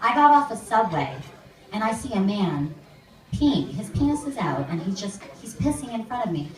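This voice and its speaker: A woman's voice: mid-range voice, sing-song, normal speed, a little mellow. A young woman doing a stand-up comedy set on stage, chatty and full of "like", acting out other people's voices as she goes. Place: comedy club stage with a live audience. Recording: echoey room, mic heard from a distance, crowd laughing.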